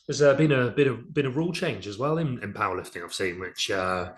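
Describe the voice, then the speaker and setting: A man's voice: mid-range voice, lively intonation, fairly quick, fairly bright tone, a little hiss or hum. A man co-hosting a podcast, asking questions and agreeing often in casual chat. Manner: supportive, agreeing with many short backchannels. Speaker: podcast co-host.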